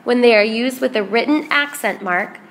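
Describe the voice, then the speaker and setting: A woman teaching a Spanish grammar lesson in English, explaining patiently and repeating word lists slowly. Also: a little high, a bit bright, slight background noise.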